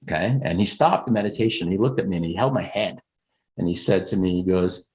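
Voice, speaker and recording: An American man, a career coach, talking earnestly and conversationally about spirituality on a group call, often rising in pitch for emphasis. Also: a little fast, a little mellow. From United States.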